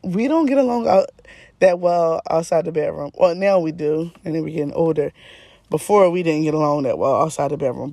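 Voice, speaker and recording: A woman's voice: low voice, brisk, no echo. Frank, laughing woman podcast host. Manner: frank, laughs often, swearing, animated asides. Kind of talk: candid casual storytelling.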